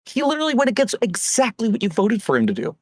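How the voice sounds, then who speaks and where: A man's voice: very high voice, huge pitch swings, quick pace. A man co-hosting a casual political podcast, ranting with profanity and mimicking politicians. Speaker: podcast co-host. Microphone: home microphone.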